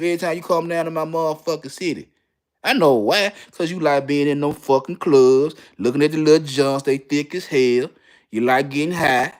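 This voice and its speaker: A middle-aged man from Memphis with a Southern Memphis accent, ranting in casual, profane slang as a commentator. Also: on the high side. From Memphis, Tennessee. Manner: animated, heavy slang and cursing.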